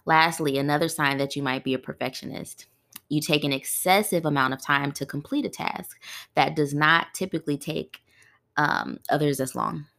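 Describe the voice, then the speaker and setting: A woman's voice: deep voice, steady tone, moderate pace, fairly bright tone. A woman hosting a podcast in a casual, conversational way, often putting rhetorical questions to her listeners. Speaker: podcast host. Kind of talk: casual solo podcast talk.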